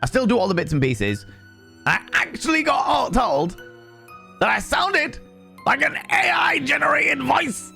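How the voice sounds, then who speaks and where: A streamer who also does some voice acting chats casually on his livestream, ranting emphatically, swearing a lot, repeating phrases and restarting mid-sentence. His voice is very high, sing-song, pushed and bright with vocal fry, at a measured pace over soft background music.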